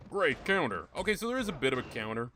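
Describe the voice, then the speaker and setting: A man's voice: medium pitch, sing-song, fast, bright, forceful tone, slight background noise. A young man giving rambling, joking, profane commentary while playing a video game. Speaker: gaming YouTuber. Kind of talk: casual gameplay commentary.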